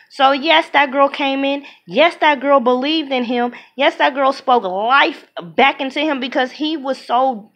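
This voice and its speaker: A woman giving an opinionated movie review in casual talk, emphatic and animated, often acting out what other people say. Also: high voice. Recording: dull lo-fi sound.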